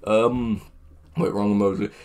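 A man's voice: fairly low pitch, level tone, a little slow, darkish tone. A man hosting a livestream, reading chat aloud in a crude, joking way and laughing often. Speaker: livestream host. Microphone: headphones with mic.

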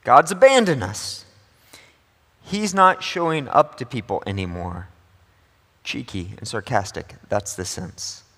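Bright-voiced male pastor preaching. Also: medium pitch, lively intonation, measured pace, in a large hall. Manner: conversational, joking asides. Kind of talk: sermon. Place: church sanctuary.

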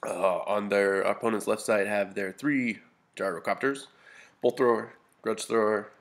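A man with a somewhat low, gravelly voice walks through a tabletop battle report in a relaxed, casual way. He sounds a little sniffly and stumbles through fillers and restarts, slipping in dry humor as he talks. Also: a little slow. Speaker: hobby gamer reporting a battle. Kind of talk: casual narrated battle report over photos.

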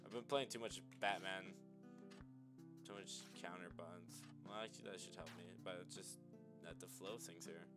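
A man's voice: low-pitched, steady tone, moderate pace, loud music behind the voice. A man giving casual, sarcastic let's-play commentary, mumbling and swearing as he plays. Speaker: gamer, video creator.

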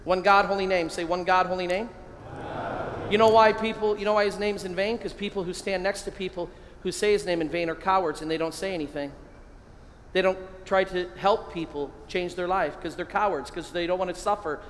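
Man, priest, high voice, animated keynote, echoing hall, faint ambient noise. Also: a little fast. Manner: animated, calls out phrases for the crowd to repeat. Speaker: priest giving a keynote talk. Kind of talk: lively keynote talk at a men's conference. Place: large hall.

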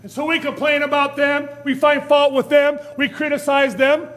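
A pastor preaching in a church with a very high voice for a man. He swings from soft, low asides to loud, rising appeals, now and then slipping into a whiny put-on voice to act out a complaint. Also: monotone, normal speed, in a large hall. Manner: preaching with sudden rises and drops in loudness, acting out whiny quotes. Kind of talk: sermon. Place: church sanctuary.

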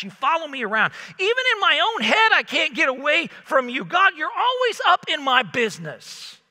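Pastor, conversational and animated, sharp ringing tone, echoing sanctuary. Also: male voice, sits high. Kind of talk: sermon. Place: church sanctuary.

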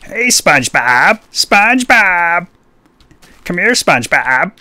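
A man putting on a voice for a grumpy, irritable cartoon squid man, drawn-out and nasal. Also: high voice, big pitch swings, sharp tone, voice pushed up, heavily acted. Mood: calling out.

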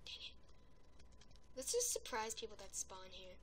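A woman giving excitable gameplay commentary, yelling and gasping at wins and deaths and rambling chattily between rounds. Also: high voice, a little slow, pauses often. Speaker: gaming video creator.

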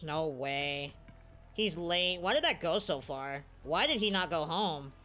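A woman's voice: low-pitched, measured pace, faint music behind. A woman giving live video game commentary, cheering and groaning at every play. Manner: excitable, cheers and groans at plays. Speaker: gaming streamer.

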